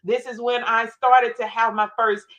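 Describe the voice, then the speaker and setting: A woman speaking as a guest on a faith talk show, telling her story with emphatic, animated retellings. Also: a little high, normal speed, dull audio. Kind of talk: faith-based interview storytelling.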